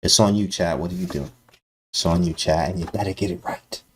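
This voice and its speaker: Slangy male chess streamer, hyped, talks to chat, lowish voice. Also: steady tone, fairly quick, a little hiss or hum. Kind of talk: live-stream chess commentary.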